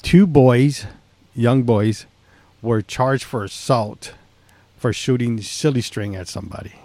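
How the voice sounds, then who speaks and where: A man's voice: medium pitch, slow, dark tone, no echo. A man co-hosting a podcast in casual chat, rambling and laughing often. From San Antonio, Texas. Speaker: podcast co-host.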